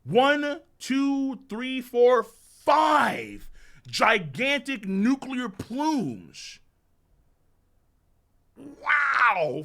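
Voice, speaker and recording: A man streaming a live manga reaction, excitable and profane, breaking into shouts of amazement. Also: high-pitched, takes it slowly.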